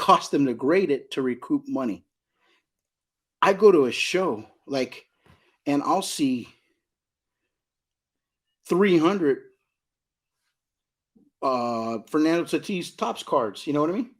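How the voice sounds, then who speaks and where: A middle-aged card shop owner from Southern California guests on a casual podcast, speaking emphatically, repeating his points and asking "you know what I mean?" His medium-pitched voice is animated but slow-paced, with long pauses.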